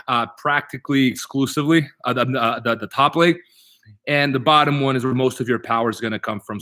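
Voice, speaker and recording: A middle-aged jiu-jitsu instructor runs a live online martial arts class, his voice medium in pitch and a bit bright. He walks through each technique step by step as he demonstrates, repeating key points and checking in with "right?"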